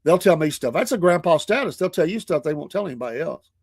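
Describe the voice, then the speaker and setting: A man's voice: on the high side, expressive, fast, creaky, slightly rough, dry recording, clean studio sound. An older man hosting a morning show, chatting in a folksy, chuckling, rambling way. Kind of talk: casual podcast chat.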